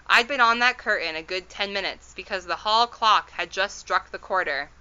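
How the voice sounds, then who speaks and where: A woman's voice: mid-range voice, moderate pace, pushed and bright, smooth, lo-fi sound. A woman voicing an elderly tiny borrower father who speaks in rustic, ungrammatical phrases in a storybook read-aloud. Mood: explaining. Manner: rustic ungrammatical speech, rambling and reassuring.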